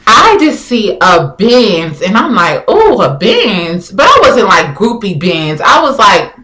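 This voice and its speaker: Bright-voiced young woman, frank storytelling. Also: mid-range voice, measured pace, rough recording. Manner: animated, frank, slangy, acts out both sides of conversations. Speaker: vlogger telling dating stories. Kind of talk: casual storytelling.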